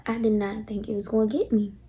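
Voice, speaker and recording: A young woman vlogger telling a storytime tale to her viewers, animated and dramatic, talking straight to them. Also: mid-range voice, fast, slight background noise. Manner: animated, dramatic retelling, addresses viewers directly. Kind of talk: casual storytime.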